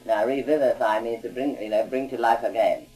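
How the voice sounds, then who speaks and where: Mellow-voiced man telling rambling anecdotes. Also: medium pitch, fairly even intonation, a little fast, faint music behind, rough recording. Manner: conversational, rambling, frequent "you see" asides. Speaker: auditor recounting experiences. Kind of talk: anecdotal recorded talk.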